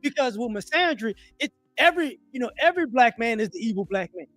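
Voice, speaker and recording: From his home livestream setup, a male commentator rants with strong opinions in a very high, fairly bright voice, talking quickly with lively intonation. He stresses his points, repeats words, and sometimes slips into mocking voices. The recording is dry, with faint music behind him.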